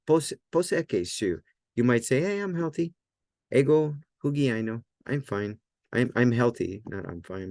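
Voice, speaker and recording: A man teaching a language lesson in a relaxed, loose way, often checking in with "right?" and filler words. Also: mid-range voice, no echo, studio quality. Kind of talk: casual explanatory lesson.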